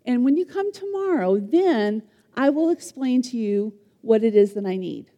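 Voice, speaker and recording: A patient, poised young queen, voiced by a woman storyteller, calm and gently repetitive. The voice is high with a mellow tone, in a long echoing hall. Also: moderate pace, muffled recording.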